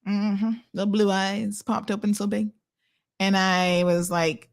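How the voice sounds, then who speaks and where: A Caymanian woman with an ordinary mid-range voice hosts a casual talk show. She reads viewer comments aloud and spins sassy, lively stories, peppering them with affectionate asides. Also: medium pitch, slow pace. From Cayman Islands. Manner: sassy, animated storytelling with "honey child" asides. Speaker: host.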